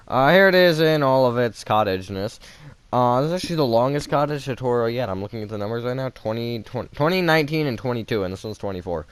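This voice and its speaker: A man's voice: mid-range voice, lively intonation, fast, clear, resonant tone, dry recording. A man hosting a casual game building tutorial, chatty and self-mocking, with lots of fillers, recorded at home on a close desk mic.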